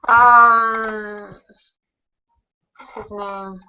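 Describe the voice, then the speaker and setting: A woman takes her time in a casual chat, pausing and hunting for words. She speaks slowly. The audio is dull and lo-fi. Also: medium pitch, flat delivery, a little hiss or hum. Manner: hesitant, searches for words. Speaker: chat participant.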